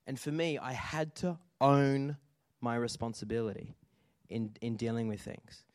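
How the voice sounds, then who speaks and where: A man delivering a sermon in an animated, storytelling way, often checking in with the congregation. His voice sits at an ordinary middle pitch. The sound is dry and close, with little room echo. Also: measured pace. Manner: animated storytelling with audience call-outs. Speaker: pastor.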